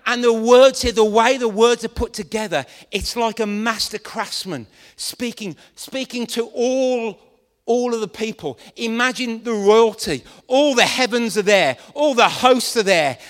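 A man preaching a lively sermon to a congregation, animated and playful, acting out scenes as he goes. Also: extremely high pitch, measured pace, in a large hall.

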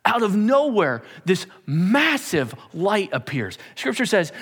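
A man's voice: high-pitched, sing-song, takes it slowly, few pauses, a bit bright, husky, in a large hall. A man preaching a sermon, telling the story with animation and repeating words as he builds. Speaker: pastor.

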